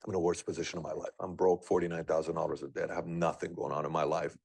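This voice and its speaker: A man's voice: low-pitched, flat delivery, rapid-fire, creaky, a little mellow, breathy edge, dry recording. A man in his thirties earnestly telling a personal story, full of questions and doubt. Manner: earnest, questioning, rambling delivery. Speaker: guest sharing a personal story.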